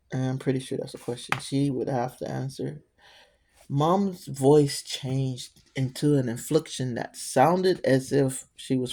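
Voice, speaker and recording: A middle-aged woman tells a personal story to her viewers. Her voice is mellow and warm, and she rambles conversationally, often breaking off to speak directly to the listener. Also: a bass voice. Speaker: storyteller vlogger.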